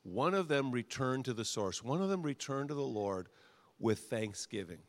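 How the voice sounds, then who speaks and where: A middle-aged male pastor preaching a sermon, repeating short phrases and swinging from quiet to loud. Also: mid-range voice, animated, normal speed.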